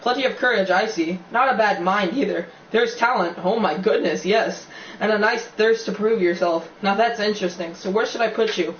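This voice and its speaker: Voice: medium pitch, normal speed, fairly bright tone, close to an everyday voice. A reader voicing an old talking magic hat that muses thoughtfully, in an amateur audiobook reading. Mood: musing. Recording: dull, roomy, distant recording with faint hiss.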